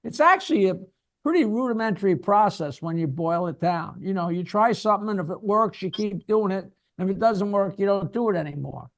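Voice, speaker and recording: A man's voice: sits high, animated, fairly quick. A man co-hosting a podcast, giving rambling advice with many "you know"s and restarts. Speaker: podcast co-host. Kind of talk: podcast interview.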